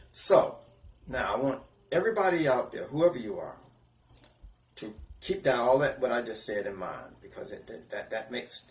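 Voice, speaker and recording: A man in his fifties sharing a personal spiritual testimony, earnest and halting, often restarting his sentences and close to tears. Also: mid-range voice, reverberant. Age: 50s. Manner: earnest, halting, with repeated false starts.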